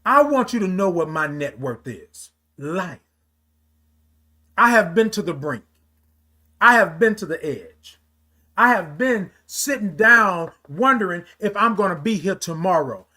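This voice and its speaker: A man with a high voice hosts a morning livestream. He calls out to viewers by name and then preaches to them in an earnest, motivational way. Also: lively intonation, unhurried, bright, forceful tone. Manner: preachy, talks straight to viewers, greets commenters. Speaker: livestream host. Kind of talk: casual motivational livestream talk.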